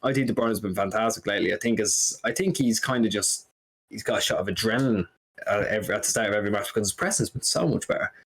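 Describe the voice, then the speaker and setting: A rapid-fire man with a lowish voice, chatting casually about football as a podcast co-host. His talk runs on and on, animated, with the odd swear word dropped in. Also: breathy edge.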